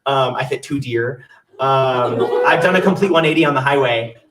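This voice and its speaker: A man's voice: mid-range voice, normal speed, far from the mic, noisy background. A young man telling a funny personal story on stage in a chatty, self-mocking way. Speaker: solo stage performer. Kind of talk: storytelling monologue with songs.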